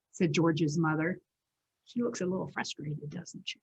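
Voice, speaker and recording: A woman's voice: on the low side, moderate pace, slightly rough. A woman librarian reading a picture book aloud at a children's story time, asking the kids questions as she goes. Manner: animated, asks the children questions.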